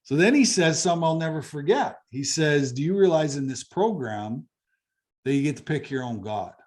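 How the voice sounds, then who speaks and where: A man's voice: fairly high pitch, animated, moderate pace, a little mellow. A middle-aged man from Canada, telling a personal story as an interview guest in a blunt, conversational way, swearing freely and repeating phrases for emphasis. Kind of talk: candid storytelling.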